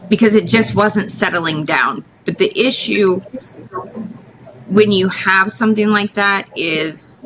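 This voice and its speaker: Woman guest, low-pitched, candid and halting personal storytelling, faint background noise. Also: sharp tone, poor audio. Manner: candid, emotional, halting with restarts. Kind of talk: casual interview storytelling.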